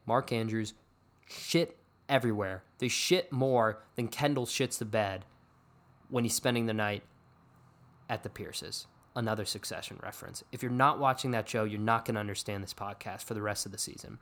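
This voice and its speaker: A man's voice: medium pitch, fairly bright tone. Rambling, joking man hosting a podcast. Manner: rambling, self-deprecating, joking. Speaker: podcast host. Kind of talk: casual fantasy sports podcast chat.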